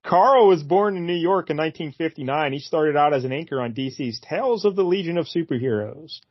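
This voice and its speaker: A man co-hosting a podcast, retelling a comic in a relaxed, joking way. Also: on the high side, no room sound. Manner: relaxed, joking, quick to laugh. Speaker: podcast co-host. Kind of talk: casual chat retelling a comic. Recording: dull, dry, lo-fi.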